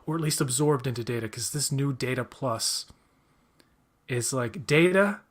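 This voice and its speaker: A man's voice: medium pitch, lively intonation, normal speed. A man hosting a casual chat, rambling with many restarts and fillers as an enthusiastic fan. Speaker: podcast host.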